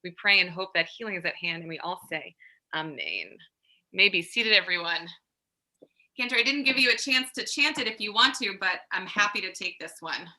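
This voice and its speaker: A woman with a Long Island accent leading a Shabbat service, teaching in a chatty way with many pauses and chanting Hebrew. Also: medium pitch, reverberant. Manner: chatty, many ums, warm teaching asides. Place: synagogue sanctuary.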